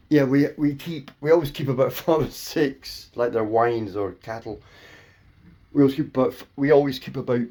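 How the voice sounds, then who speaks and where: A man's voice: mid-range voice, normal speed, mellow. A man rambling through silly improvised wordplay at home as a comedian, his mouth a bit dry. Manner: playful, silly wordplay, slips into daft voices.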